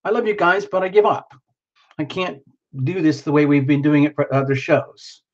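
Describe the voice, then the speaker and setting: A man's voice: fairly high pitch, moderate pace, muffled recording. Frazzled, worn-out tarot livestream host man. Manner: frazzled, rambling, greets viewers by name. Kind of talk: casual livestream chat.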